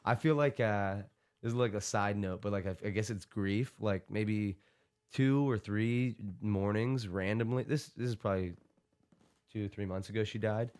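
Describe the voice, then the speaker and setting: A young man with a somewhat low voice tells a long anecdote as a podcast guest. He rambles, fills gaps with "like," and laughs his way through it. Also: normal speed, a little mellow, clean tone. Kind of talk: casual storytelling.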